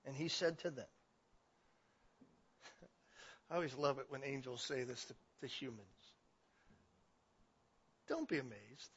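A man preaching a sermon in an animated way, swinging between loud emphasis and quiet passages. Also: medium pitch, a little slow, long pauses, husky. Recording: dull lo-fi recording.

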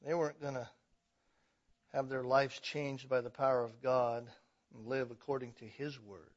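A man preaching a sermon as pastor, emphatic, building to loud passionate stretches. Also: medium pitch, little pitch movement, normal speed, dull audio.

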